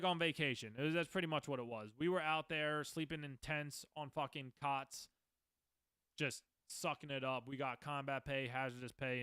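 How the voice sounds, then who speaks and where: A podcast host in his twenties tells his own stories in a loose, rambling monologue, swearing often and restarting sentences. His medium-pitched voice is smooth with a fairly bright tone, in a dry recording.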